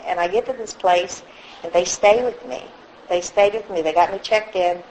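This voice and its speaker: A woman's voice: mid-range voice, normal speed, a little mellow, a little hiss or hum, rough recording. A woman telling her own story of getting sober to a group, candid and self-mocking, acting out the people she quotes. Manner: candid, laughs at herself, acts out quoted voices. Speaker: speaker sharing recovery story at a meeting. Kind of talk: personal story told to a group.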